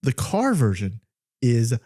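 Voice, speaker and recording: A man's voice: mid-range voice, wildly swooping pitch, slow pace, dark tone. A young man co-hosting a podcast, telling stories in casual chat, often laughing and mimicking a voice assistant. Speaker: podcast co-host.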